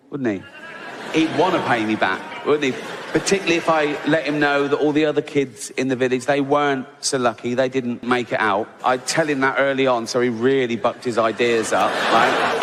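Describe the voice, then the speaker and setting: A man doing a stand-up routine, mocking and animated, with sweary asides. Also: mid-range voice. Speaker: stand-up comedian. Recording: stage mic in a reverberant venue, faint noise.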